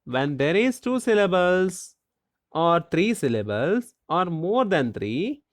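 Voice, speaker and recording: Grammar teacher, slow deliberate lesson, rhetorical questions, lively pitch, dry close sound. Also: dry recording.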